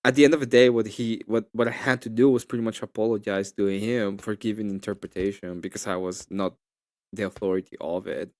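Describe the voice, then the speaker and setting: A man in casual chat, retelling an argument in an animated, rambling way full of restarts. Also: lowish voice, brisk, no room sound, studio quality. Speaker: guest.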